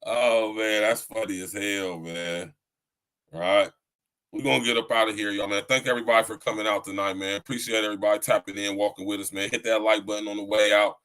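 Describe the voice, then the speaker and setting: A man hosts a relaxed live podcast, chatting straight to his listeners. His talk is loose, slangy and profane, broken up by easy laughter. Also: lowish voice, a little fast, low-quality recording. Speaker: podcast host. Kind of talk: casual live-stream chat.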